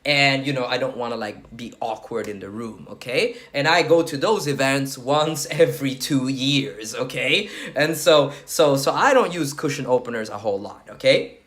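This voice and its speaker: A man's voice: medium pitch, animated, normal speed, few pauses, a bit bright. A man coaching on approaching women, talking bluntly and crudely and checking in with "okay?" as he goes, while sweating. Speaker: dating coach. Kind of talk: casual talking-head advice.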